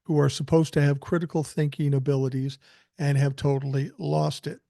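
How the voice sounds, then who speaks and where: Older man, podcast host, salty casual storytelling, mellow voice, dry close sound. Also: fairly high pitch, fairly even intonation, moderate pace, creaky, no room sound. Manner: blunt, profane storytelling. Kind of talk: casual commentary.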